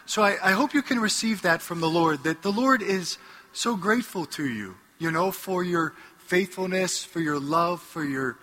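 Wearing a headset mic, a Catholic priest preaches to a live audience in a hall, telling stories with animation and plenty of jokes. His voice is high-pitched and moves at a moderate pace.

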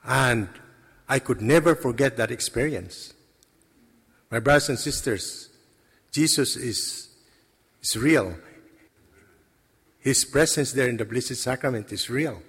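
A man speaking slowly and earnestly as he gives a faith testimony to a congregation. His delivery is halting, full of pauses and restarts. His voice rings with the long reverb of a large hall. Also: mid-range voice, a bit bright, breathy edge. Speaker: lay speaker giving a testimony.

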